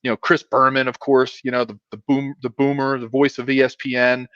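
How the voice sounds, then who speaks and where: In a loose interview, a South Philadelphia man who used to play pro football rambles along, making fun of himself and stumbling through restarts and filler words. His voice is medium in pitch, a bit bright, brisk and nearly monotone. The audio is dry, dull and muffled, without echo.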